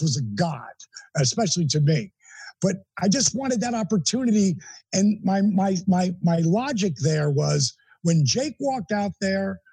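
A middle-aged man, an interview guest, telling a personal story in an animated, emphatic way with blunt language. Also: high voice, breathy edge, dry recording, poor audio.

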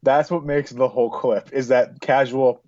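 A man's voice: mid-range voice, fairly even intonation, normal speed, a little mellow, no echo, lo-fi sound. A man co-hosting a podcast in casual chat, amused and laughing often. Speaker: podcast co-host.

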